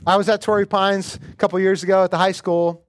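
A man's voice: sits high, level tone, fast talker. A middle-aged male pastor preaching and praying in an earnest, conversational way. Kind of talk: sermon with prayer.

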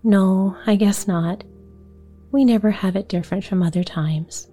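A woman's voice: mid-range voice, measured pace, warm tone, faint music behind, natural voice. A woman voicing a shy, polite little boy in a storybook reading.

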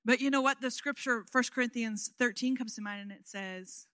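A woman in her thirties giving a sermon, telling family stories in a chatty, animated way. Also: fairly high pitch, normal speed, dry recording, clean studio sound. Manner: chatty, animated storytelling with frequent "you know what?". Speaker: guest preacher.

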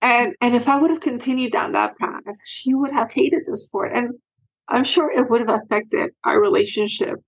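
A woman speaking as an interview guest, earnest and reflective, with an emotional edge when she opens up. Her voice sits a bit high, and the sound is dull and lo-fi, as if recorded remotely. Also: normal speed, vocal fry, husky. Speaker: guest, sports parent. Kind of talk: candid interview conversation.

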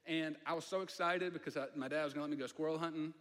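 A man's voice: a little high, steady tone, very fast, fairly bright tone. A man with a Southern accent, preaching a storytelling sermon in a conversational way, with asides to the audience. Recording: long hall reverb.

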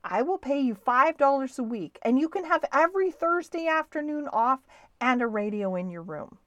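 A woman's voice: sits high, animated, normal speed, no echo, muffled recording, pitched above the performer's own voice. Woman doing a bossy sulky boy. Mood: pleading. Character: fat sulky twelve-year-old boy.

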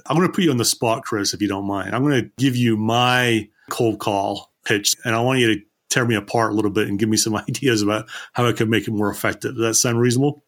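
A man hosting a sales podcast, talking quickly and earnestly with frequent restarts. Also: fairly low pitch. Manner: fast, earnest, restarts often. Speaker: podcast host. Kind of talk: podcast conversation.

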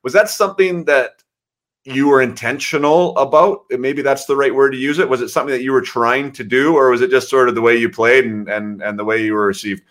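A man's voice: mid-range voice, steady tone, brisk, a bit bright. A man hosting a podcast, telling a short anecdote and asking a loose, rambling question. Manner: loose, conversational questions with fillers. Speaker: podcast host. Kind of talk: casual interview chat.

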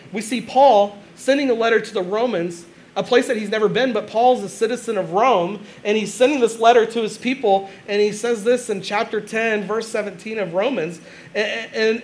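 A man's voice: high-pitched, a bit bright, slight background noise. A young adult man, preaching a sermon to his congregation in a conversational, storytelling way. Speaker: pastor. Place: church sanctuary.

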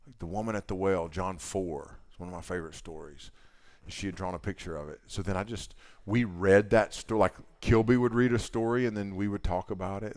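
A middle-aged male camp speaker with a lowish voice tells a story to a young crowd, acting out each exchange. He swings from loud bursts to hushed lines. The sound is dry and close. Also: dry recording. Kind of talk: youth camp sermon storytelling.

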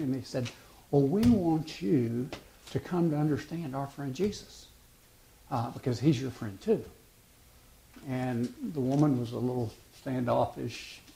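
Mellow-voiced male preacher telling stories. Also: mid-range voice, vocal fry, a little hiss or hum. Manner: storytelling, acts out dialogue with halting restarts. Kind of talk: sermon.

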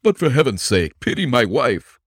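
A man's voice: mid-range voice, sing-song, moderate pace, dry recording, studio quality, voice pushed up. A man voicing a nervous male suspect who protests his innocence in a raised, exclamatory way. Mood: pleading.

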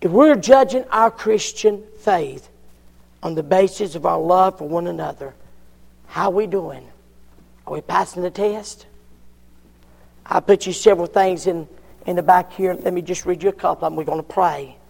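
A preacher with a high, gravelly voice, delivering a folksy, emphatic sermon. He swings between ringing cries and near-whispers. His words trail off into a long reverb in a church. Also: moderate pace, pauses often, darkish tone. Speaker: pastor.

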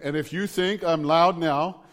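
A man's voice: a little high, steady tone, unhurried, long reverb tail. A middle-aged man preaching a sermon, building fervent repeated declarations.

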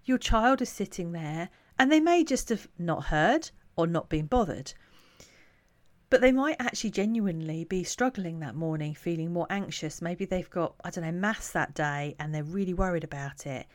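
A woman who coaches parents, talking to camera in a calm, reflective, conversational way. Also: lowish voice, moderate pace.

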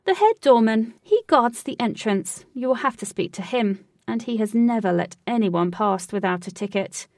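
A commanding queen in white, formal and stately, with a quiet scheming edge, as a woman reading the story puts her on. The voice sits a little higher and fuller than a plain reading. The recording is dry, with the mic set slightly back. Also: lively intonation, moderate pace, dry recording, recorded from a distance. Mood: insistent.

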